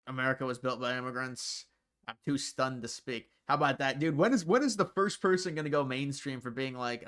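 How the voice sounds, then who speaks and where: Man, livestream host, casual rambling chat, answers viewer comments, smooth clear voice. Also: medium pitch, brisk, fairly bright tone.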